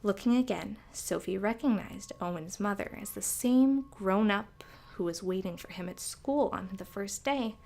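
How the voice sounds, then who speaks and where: A woman reading a storybook aloud for toddlers in a gentle, soft-spoken way. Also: mid-range voice, moderate pace, vocal fry, hardly any pauses.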